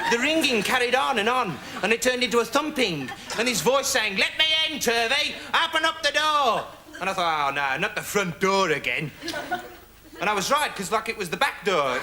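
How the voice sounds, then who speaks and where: A dim young man who wanders from one pointless aside to the next in a deadpan TV sketch monologue. His voice sits high and swings widely in pitch, and a loud noise runs under the whole recording. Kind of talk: 1980s TV comedy monologue. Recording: loud noise with laughter over it.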